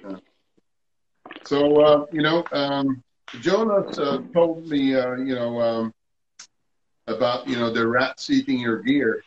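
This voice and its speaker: A man's voice: mid-range voice, fairly even intonation, slow pace, pauses often. A man interviewing a guest, asking questions hesitantly with many fillers. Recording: dull, lo-fi sound with faint noise.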